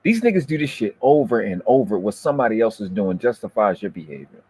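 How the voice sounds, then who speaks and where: A man hosting a debate review, ranting in heated, profane commentary that berates and swings up into shouting. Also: on the low side, very animated, fast talker, breathy edge.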